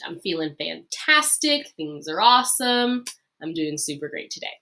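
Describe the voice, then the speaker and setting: A lively woman teacher gives a recorded lesson, and her pitch rises and falls a lot. She is friendly and upbeat, fills pauses with "um" and "uh", and slows down to repeat key phrases.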